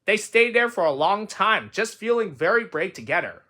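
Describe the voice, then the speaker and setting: A man reading a children's storybook aloud in plain, steady narration. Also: sits high, moderate pace. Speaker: reader.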